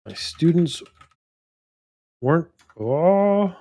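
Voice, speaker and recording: A man teaching English vocabulary, thinking aloud and saying words slowly and deliberately to stress the key ones. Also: fairly high pitch, sing-song, dark tone.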